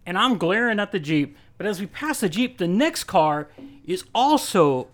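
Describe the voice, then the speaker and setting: A man's voice: high-pitched, sing-song, normal speed, fairly bright tone. A man hosting a casual podcast, joking and laughing often. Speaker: podcast host. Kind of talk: casual chat.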